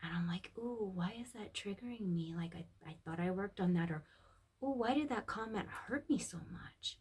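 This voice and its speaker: A woman sharing a personal reflection in a casual, heartfelt monologue, recorded on a phone. She speaks softly and often drops to a breathy near-whisper. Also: mid-range voice, expressive, normal speed. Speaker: vlogger.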